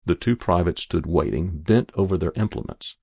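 A man narrating an audiobook in a measured, even storytelling way. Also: deep voice, gravelly, slightly rough, dry recording.

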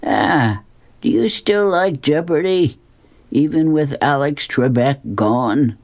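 A man's voice: a little high, lively intonation, takes it slowly, a little mellow, pitched above the performer's own voice. A man voicing a dry, gloomy elderly husband from a comic strip.

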